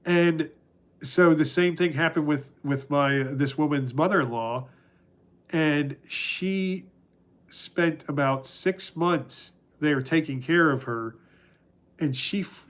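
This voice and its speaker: A middle-aged man hosting a casual livestream, talking through chat questions in a rambling, halting way with many restarts. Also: on the high side. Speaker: livestream host answering chat.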